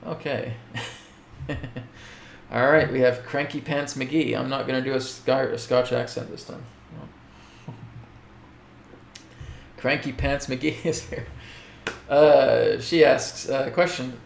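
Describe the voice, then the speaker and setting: A man's voice: mid-range voice, unhurried, vocal fry, pauses often, reverberant, slight background noise. A man hosting a spiritual show, answering viewer questions in a casual, direct way, often checking in with "okay". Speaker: host.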